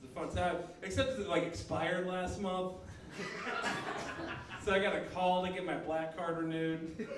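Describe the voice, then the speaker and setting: A man's voice: high voice, fairly even intonation, a little slow, long pauses, noisy background. A young man doing a stand-up comedy set in a small coffeehouse, rambling and self-mocking, laughing at his own jokes. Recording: echoey room, mic far off.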